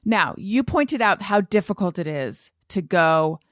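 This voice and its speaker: A woman's voice: lowish voice, very animated, measured pace, no echo. A woman co-hosting a podcast in a studio, chatting casually and teasingly, sometimes half-singing lines of a song. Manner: playful, teasing, sings snatches of song. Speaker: podcast co-host. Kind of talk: casual chat.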